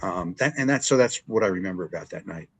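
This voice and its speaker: Older man, former ring announcer, animated storyteller, mid-pitched voice, interview chat. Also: fast talker, low-quality recording. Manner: animated storyteller, acts out quotes with big pitch jumps.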